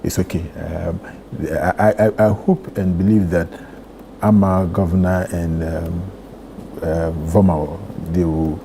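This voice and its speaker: A man's voice: sits low, fairly even intonation, unhurried, creaky, warm tone. A man on a TV studio panel, speaking hesitantly with many fillers. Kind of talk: panel discussion. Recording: noisy studio recording.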